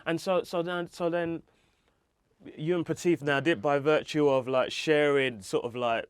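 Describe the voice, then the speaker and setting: A man hosting a podcast, asking questions in a relaxed chat and keeping up steady short replies while his guest talks. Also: on the high side, unhurried, clear, resonant tone, no echo, clean studio sound. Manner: listens with steady short backchannels. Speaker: podcast host. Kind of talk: casual interview.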